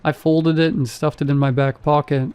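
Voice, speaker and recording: Mellow-voiced male horror narrator. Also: fairly high pitch, little pitch movement, moderate pace, clean tone. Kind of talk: first-person horror story narration.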